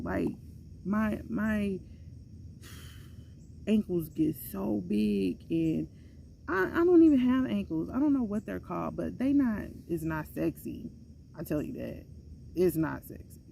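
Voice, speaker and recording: Gravelly low-voiced woman telling a story. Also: a little hiss or hum. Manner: chatty, animated, acts out others' voices when quoting. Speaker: vlogger telling a personal story. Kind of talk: casual storytime monologue.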